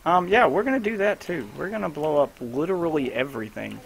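Gravelly-voiced man chatting through a game. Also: on the high side, expressive, low-quality recording. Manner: loose, chatty, giving quick instructions. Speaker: gamer streaming his own play. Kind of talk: casual gameplay commentary to a teammate.

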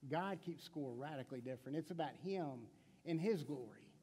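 A man's voice: on the high side, animated, moderate pace, darkish tone, breathy edge, big-room sound. A middle-aged man pastor preaching a sermon in a conversational way, with stammered restarts, rhetorical questions and playful stories. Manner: playful storytelling with acted quotes. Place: church sanctuary.

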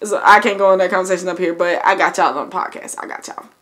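A young woman chatting casually to her viewers in a vlog, addressing them as "y'all" and bursting into loud, excited exclamations. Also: fairly low pitch, fast talker. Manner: animated, swings into loud excited shouts and laughs; talks straight to viewers with lots of "y'all". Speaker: YouTuber.

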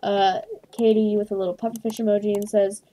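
A woman's voice: medium pitch, level tone, brisk, dark tone. A woman streamer chatting casually, giggly and gushing as she reads messages aloud. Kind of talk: casual live-stream chat.

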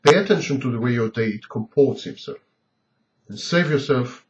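Man firing off rhetorical questions, lively pitch. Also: moderate pace. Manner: asks a long string of pointed rhetorical questions. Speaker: lecturer on abusive relationships. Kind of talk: scripted lecture monologue. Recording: dull lo-fi recording.

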